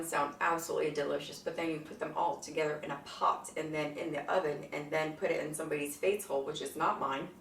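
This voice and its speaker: A woman hosting her cooking channel in a casual, bubbly vlog, excitable and swearing freely. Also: lowish voice, a little hiss or hum. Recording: echoey room, mic at a distance.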